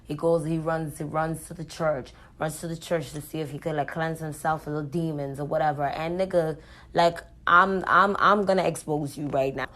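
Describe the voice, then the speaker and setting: A woman's voice: sits low, fairly even intonation, moderate pace, fairly bright tone. A woman speaking straight to the camera in an unscripted, blunt monologue, swearing freely as she rants. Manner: blunt, profane, ranting. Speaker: vlogger.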